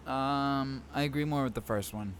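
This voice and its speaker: A man's voice: medium pitch, moderate pace, a little hiss or hum. A man co-hosting a podcast, chatting casually and thinking aloud with lots of fillers. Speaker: podcast co-host. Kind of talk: casual chat.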